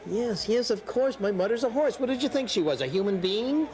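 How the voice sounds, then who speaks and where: A man's voice: high voice, animated, brisk, a crowd in the background. A man playing the straight man in a stage comedy sketch, coaxing and mock-dignified. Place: stage before a live audience. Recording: live show with loud audience.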